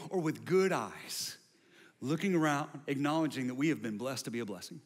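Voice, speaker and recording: A man's voice: medium pitch, lively intonation, moderate pace, breathy edge. Preaching man in a reverberant hall. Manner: building to loud repetitive refrains. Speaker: pastor. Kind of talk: sermon.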